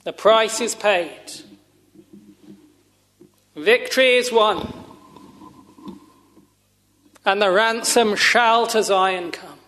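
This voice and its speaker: A man preaching a sermon in a slow, solemn, measured way with long pauses, sometimes dropping to a hush. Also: sits high.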